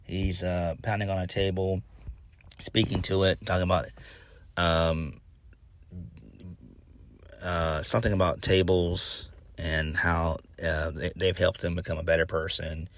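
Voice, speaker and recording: A man's voice: low voice, flat delivery, a little slow, long pauses, a little hiss or hum. A man giving a casual spoken review, rambling with lots of fillers and restarts, blunt and swearing now and then. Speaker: wrestling reviewer.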